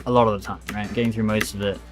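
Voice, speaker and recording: A man's voice: lowish voice, level tone, rapid-fire, faint music behind. A man streaming a game, talking to himself and his chat in a rambling, casual way and calling people "bro". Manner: chatty, rambling, says "bro" a lot. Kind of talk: live gameplay commentary.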